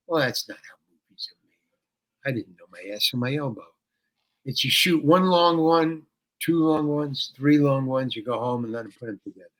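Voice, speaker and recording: An older man, an actor and interview guest, telling a story in a lively way and acting out the dialogue. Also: mid-range voice, normal speed. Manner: animated, acts out dialogue with swearing. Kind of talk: storytelling anecdote.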